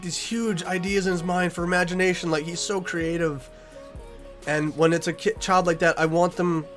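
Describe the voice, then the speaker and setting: A man's voice: mid-range voice, a bit bright. A young man chatting casually on a livestream about goals, earnest and emotional, rambling with restarts. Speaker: streamer.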